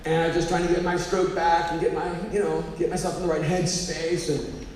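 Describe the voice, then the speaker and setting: A man, a pastor, preaching a sermon with animated storytelling that rises to emphatic exhortation. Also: on the high side, a little fast, slight background noise. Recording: echoey hall, mic at a distance, faint ambience.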